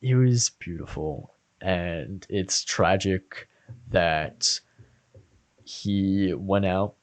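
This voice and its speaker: In a casual anime discussion, a male podcast co-host speaks very slowly in a low voice about a favorite character. He's earnest and emotional, at times soft-spoken.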